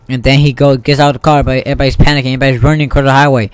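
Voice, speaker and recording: Excitable rambling gaming YouTuber, a man. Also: mid-range voice, rapid-fire, few pauses, smooth. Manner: rambling, excitable, acts out sound effects. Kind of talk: casual storytelling over gameplay.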